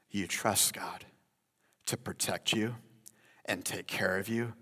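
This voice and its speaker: A man preaching a sermon as pastor, animated and addressing listeners as guys. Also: lowish voice. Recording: long hall reverb.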